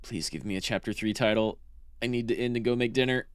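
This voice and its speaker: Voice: medium pitch, fast, clean tone, no echo. A VTuber streamer giving casual gameplay commentary, thinking aloud and swearing freely. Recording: noisy game sound behind.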